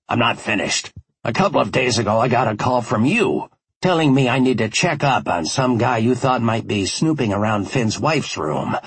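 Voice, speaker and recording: A man's voice: lowish voice, slightly rough, no echo, exaggerated voice. A man reading an audiobook, voicing an irritated, suspicious police detective who scolds and uses sarcasm. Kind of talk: audiobook character voice.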